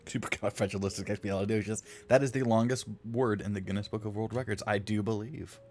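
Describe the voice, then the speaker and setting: A man's voice: on the low side, fairly even intonation, quick pace, darkish tone. A man streaming his game-modding work, chatting casually and joking with viewers while he edits textures. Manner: rambling, joking, talks to chat while editing. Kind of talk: casual live-stream chat while working.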